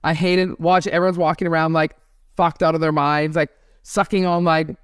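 A woman's voice: deep voice, normal speed, smooth, dry recording, clean studio sound. A young adult woman comedian on a podcast, telling stories bluntly and swearing freely. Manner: blunt, profane, animated storytelling. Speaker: comedian guest. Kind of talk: casual podcast chat.

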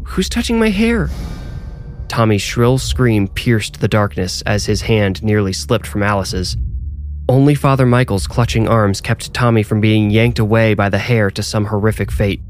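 Low-voiced man narrating horror. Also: slight background noise. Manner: measured, suspenseful reading. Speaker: narrator and author. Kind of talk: scripted horror story narration.

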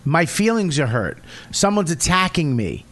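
Middle-aged comic, high-ish voice, swears freely, storytelling with blunt loud outbursts. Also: male voice, big pitch swings, normal speed. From Boston area, USA. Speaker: comedian guest. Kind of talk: casual podcast chat.

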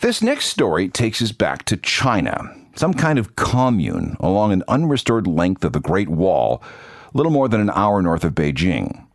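Lively storytelling man, dry close studio sound. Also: low-pitched, no room sound. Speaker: podcast host. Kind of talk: scripted radio-style narration.

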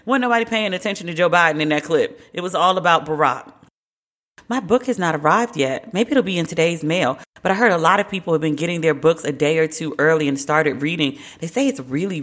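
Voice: mid-range voice, fairly bright tone. A podcast host giving casual, candid commentary alone, wry and opinionated, with slangy asides.

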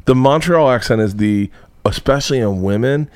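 Excitable rambling man host. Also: medium pitch, normal speed, clean tone, no echo, studio quality. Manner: excitable, rambling, slips into playful voices. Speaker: podcast host. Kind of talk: casual interview chat.

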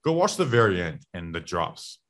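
Low-voiced man rambling through sports stats. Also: very animated, moderate pace, no echo, studio quality. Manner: rambling, restarts a lot, leans on stats. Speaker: sports podcast co-host. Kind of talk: casual sports talk.

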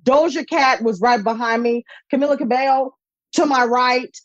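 An excitable woman in her thirties, telling a lively anecdote with lots of laughter and high-pitched quoted voices. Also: normal speed, dry recording, lo-fi sound. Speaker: guest. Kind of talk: animated storytelling anecdote.

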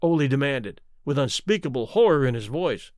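Expressive male storybook narrator. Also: medium pitch, moderate pace, dry recording, studio quality. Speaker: audiobook reader. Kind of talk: scripted narration of a classic short story.

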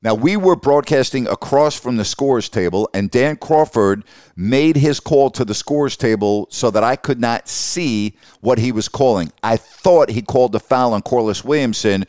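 A man's voice: medium pitch, darkish tone, clean tone, no echo, studio quality. An older man, a longtime basketball announcer, telling a story in an interview and acting out the quoted dialogue.

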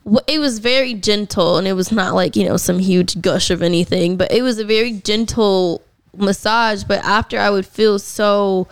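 A young woman talks casually and animatedly, acting out what she said at the time. Her voice is smooth and clear. The sound is dry and close. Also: medium pitch, moderate pace, dry recording. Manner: animated storyteller, acts out her own past lines. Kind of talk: casual chat.

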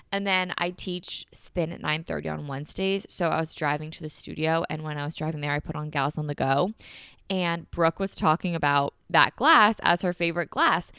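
A young woman in her twenties chats through a solo podcast, bubbly and full of "like." Her voice sits a bit low and sounds smooth and clear, slightly congested. The recording is dry and close. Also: fairly bright tone, no echo. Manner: bubbly, chatty, heavy use of "like". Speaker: podcast host. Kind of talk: casual solo podcast chat.

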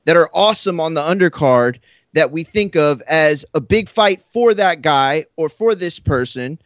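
Male fighter, slightly high voice, sarcastic and dismissive, dry close sound. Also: lively intonation, moderate pace, no room sound, muffled recording. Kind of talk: heated argument.

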